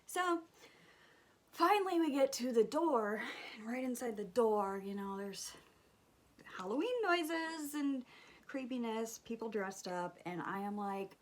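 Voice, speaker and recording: A woman's voice: fairly high pitch, measured pace. Chatty woman telling a scary story. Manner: animated, swears casually, drops to whispers at times. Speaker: beauty vlogger. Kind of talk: chatty storytelling while doing makeup.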